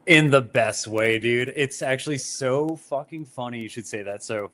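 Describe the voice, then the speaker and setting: A man's voice: mid-range voice, normal speed, fairly bright tone. A man appearing as a musician guest on a video call, chatting casually, laughing often and telling heartfelt stories.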